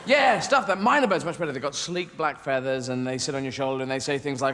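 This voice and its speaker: A man's voice: medium pitch, quick pace, few pauses. A man performing stand-up comedy in a rambling, whimsical way, often breaking off and interrupting himself. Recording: loud background noise.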